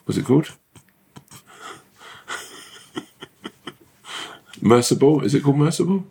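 A man's voice: mid-range voice, lively intonation, takes it slowly, gravelly, warm tone. A young man, an actor and podcast co-host, rambling casually with lots of fillers and swearing. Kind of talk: casual chat.

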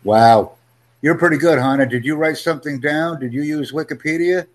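A man teaching an English conversation lesson over a video call, upbeat and encouraging, speaking in simple, slowed-down phrases. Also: fairly high pitch. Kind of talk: live online English lesson.

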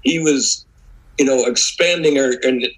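A man's voice: mid-range voice, measured pace, a bit bright, low-quality recording. A man who is a guest author, talking in a rambling way with many fillers. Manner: rambling, lots of "you know" fillers. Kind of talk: casual conversation.

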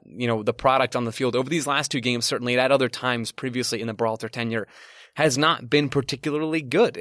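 A man co-hosts a soccer podcast in an easygoing, hedging way, trailing off with fillers as he thinks aloud. His voice is mid-pitched and recorded dry and close. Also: a bit bright, dry recording. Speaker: podcast co-host. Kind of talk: casual soccer chat.

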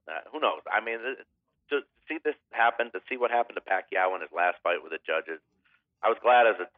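A man's voice: deep voice, dry recording. A man co-hosting a casual sports betting podcast, hesitant and full of fillers. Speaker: podcast co-host. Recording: phone-like line.

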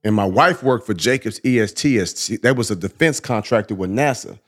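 A man co-hosting a podcast, telling a personal story in a casual, animated, slang-heavy way. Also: lowish voice, a little fast. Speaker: podcast co-host.

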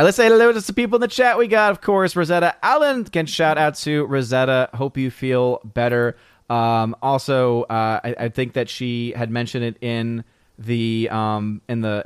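A man's voice: medium pitch, clear, resonant tone, no echo, studio quality. A man hosting a casual live stream who rambles, repeats himself and laughs often. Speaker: stream host.

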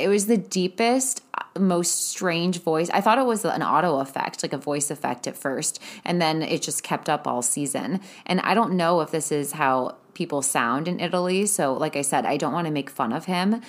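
A young woman with a notably low-pitched voice delivers a casual, profanity-laced recap of a TV episode. Her tone is blunt and exasperated, like someone venting straight to her viewers. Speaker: recap host.

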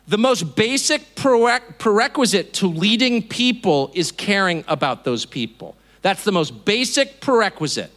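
A man's voice: sits high, a bit bright. A man in his fifties from California gives an indignant, mocking speech to a live audience, acting out the voices he quotes. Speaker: speaker. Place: auditorium.

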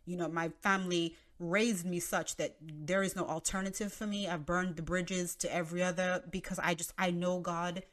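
A woman in her thirties hosting a Christian teaching podcast, talking in an animated, conversational way and acting out the voices she quotes. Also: on the low side, normal speed, hardly any pauses. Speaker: podcast host.

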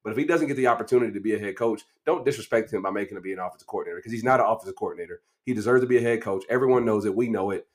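A man from Kansas City co-hosting a sports podcast, talking in an animated, emotional way with long run-on stretches. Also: on the low side, racing, hardly any pauses. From Kansas City, USA. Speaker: co-host, draft analyst. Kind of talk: casual sports podcast chat.

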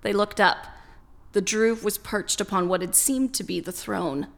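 A woman narrating a scripted story in a slow, measured way. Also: mid-range voice, gravelly.

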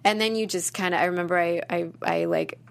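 Actress guest, lowish gravelly voice, chatty with many restarts. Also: female voice, fairly even intonation, a little fast. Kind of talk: casual interview chat.

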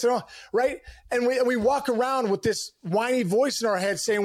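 A middle-aged man, a former ballplayer, telling lively stories as a podcast guest, calling people bro. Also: extremely high pitch, brisk, hardly any pauses. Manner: energetic, storytelling with acted asides, calls people bro. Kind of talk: casual interview.

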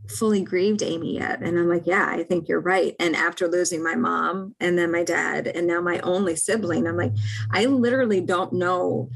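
A woman's voice: lowish voice, steady tone, moderate pace, creaky, husky, poor audio. A woman speaking as a podcast guest, talking in a reflective, earnest way. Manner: reflective, earnest, with many fillers. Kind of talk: casual podcast conversation.

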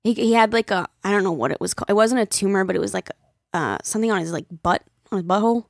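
A woman co-hosting a podcast in relaxed, casual chat. She tells stories with energy and acts out quoted voices as she goes. Her voice sits in a middle pitch and is recorded close and dry. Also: very fast, vocal fry, no echo. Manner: animated storyteller acting out quoted voices. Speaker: podcast co-host.

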